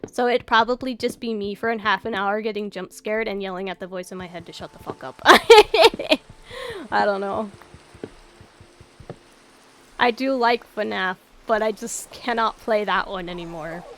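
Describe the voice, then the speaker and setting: A woman rambling over gameplay in a loose, casual vlog, her voice sounding raw and worn out. She drifts between thoughts, trails off and swears offhandedly, at a middling pitch for a woman. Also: steady tone, brisk, few pauses, a bit bright. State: raw, tired voice. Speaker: gaming YouTuber.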